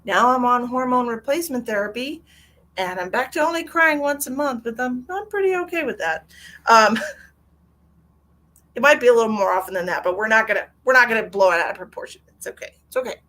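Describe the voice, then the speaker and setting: A woman's voice: on the high side, lively intonation, fairly quick, bright, forceful tone. A middle-aged woman hosting a livestream, chatting candidly and emotionally, swearing freely and reading out viewer comments. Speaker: psychic medium livestream host. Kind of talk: casual livestream chat.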